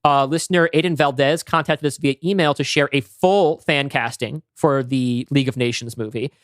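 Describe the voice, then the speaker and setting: A man's voice: mid-range voice, steady tone, moderate pace, a bit bright, clear, resonant tone, dry recording, studio quality. A young man co-hosting a podcast, reading listener mail in a casual, chatty way. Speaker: podcast co-host.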